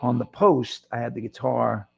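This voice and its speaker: A man's voice: mid-range voice, steady tone, normal speed, gravelly, slightly rough. A middle-aged man hosting his own podcast, talking to listeners in a rambling, self-deprecating way with lots of restarts. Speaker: podcast host. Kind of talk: casual solo monologue. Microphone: microphone in front of him.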